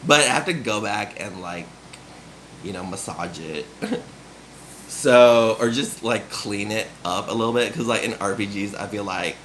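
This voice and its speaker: Slow rambling young man, bright voice. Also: lowish voice, a little hiss or hum. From grew up in Nevada. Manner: rambling, filler-heavy, giggly, laughs often. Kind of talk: casual rambling monologue.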